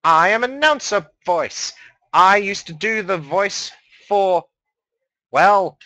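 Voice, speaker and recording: A man's voice: high voice, animated, slow, bright, forceful tone, no echo, pitched above the performer's own voice, full character voice. A man doing a flustered pompous announcer. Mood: indignant.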